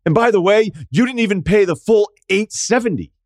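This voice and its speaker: A man's voice: high-pitched, fairly quick, dry recording, clean studio sound. A middle-aged man hosting a podcast, telling stories in casual chat with lots of swearing and acted-out quotes. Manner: profane, animated storytelling with acted-out quotes. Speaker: podcast host.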